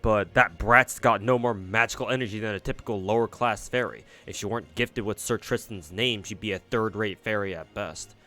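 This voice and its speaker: A man's voice: on the low side, brisk, few pauses, bright, forceful tone, soft background music. A man voicing a smug male fairy knight who mocks and gossips, reading aloud from a game. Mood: sneering.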